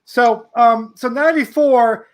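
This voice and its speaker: A man in his forties from New York, a podcast guest telling a rambling, animated anecdote full of restarts. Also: very high-pitched, measured pace. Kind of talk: casual storytelling.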